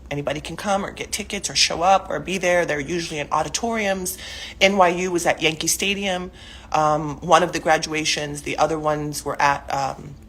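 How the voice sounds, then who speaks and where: In a self-recorded camera video from her living room, a middle-aged mother speaks heatedly and emotionally, rambling with lots of fillers. Her voice is low-pitched and fairly bright, with slight background noise.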